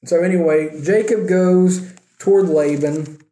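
A man's voice: fairly high pitch, steady tone, unhurried, dark tone, echoey room. A man giving a casual Bible teaching, telling the story with wry jokes and quoted voices.

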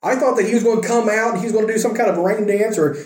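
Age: adult. Sex: man. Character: a man playing a proud, indignant army commander telling a story. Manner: huffy and complaining, with a high voice. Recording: echoey room. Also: moderate pace, mellow, close to an everyday voice.

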